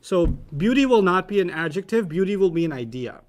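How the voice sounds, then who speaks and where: A fairly high-pitched man leads a classroom lesson. He teases his students playfully and breaks into laughter as he explains. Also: very animated, darkish tone. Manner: playful, teasing, quick to laugh. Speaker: teacher.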